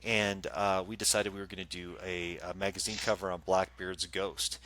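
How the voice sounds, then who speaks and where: A man co-hosting a casual live chat show, telling stories in an animated way and acting out what people said. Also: low-pitched, moderate pace, slight background noise. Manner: animated storyteller, acts out quotes. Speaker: co-host and psychic medium.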